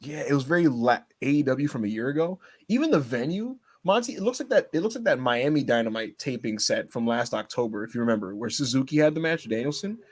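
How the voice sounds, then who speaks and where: A man co-hosting a casual podcast, excitable and teasing, laughing often as he talks. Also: mid-range voice, fast talker, few pauses, husky. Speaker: podcast co-host.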